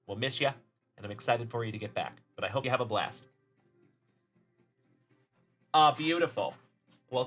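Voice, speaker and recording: A man from Texas runs a casual live stream of card pack openings, calling out players and thanking viewers by name. His voice is bright and forceful, with mid-range pitch. Faint music plays behind him. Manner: upbeat, shouting out chat viewers by name. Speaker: card-breaking livestream host.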